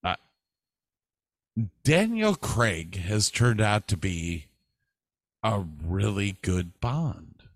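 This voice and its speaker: Slow, lively low-voiced man chatting. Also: dry recording. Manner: leads with questions, slow and drawn out. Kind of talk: casual chat.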